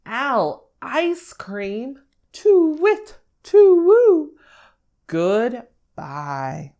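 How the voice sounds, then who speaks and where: A woman's voice: a little high, huge pitch swings, very slow, dark tone, pitched above the performer's own voice, exaggerated voice. A woman voicing a prim, wary owl in a picture-book read-aloud, with a fluttery hooting manner. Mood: inviting, startled.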